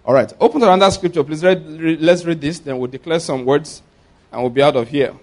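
A man preaching to his congregation in a voice pitched a little above the usual male range. He drives his points home by saying them twice and calling for the crowd to answer back. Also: fast talker, darkish tone. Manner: repeats points and calls for congregation responses. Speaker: pastor. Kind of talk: sermon.

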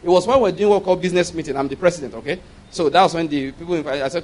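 A man preaching a sermon as a pastor, animated, with laughing asides and acted-out quotes. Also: on the high side, rapid-fire, a little hiss or hum, rough recording.

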